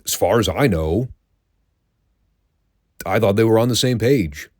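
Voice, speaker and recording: A man's voice: lowish voice, animated, unhurried, a little mellow, dry recording, clean studio sound. A man hosting a show, giving a casual, wry recap of old wrestling episodes and swearing now and then. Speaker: podcast host reviewing classic wrestling.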